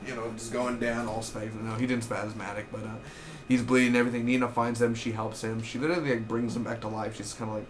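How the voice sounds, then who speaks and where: Rambling, excitable man reviewing TV. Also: mid-range voice, fast talker, a little hiss or hum. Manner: rambling, excitable, swears freely. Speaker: TV episode reviewer. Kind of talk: casual recap.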